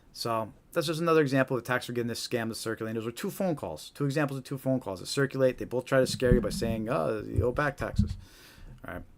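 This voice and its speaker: A man hosting a live stream, talking casually and often asking "right?". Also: medium pitch. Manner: casual, repetitive, tag questions. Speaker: host.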